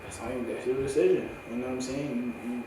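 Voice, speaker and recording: A man's voice: medium pitch, steady tone, fast talker, dark tone, a little hiss or hum. Young man rambling in an echoey room. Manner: profane, slangy, rambling. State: voice going hoarse. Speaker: vlogger. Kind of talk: candid casual monologue. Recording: echoey room, far from the mic.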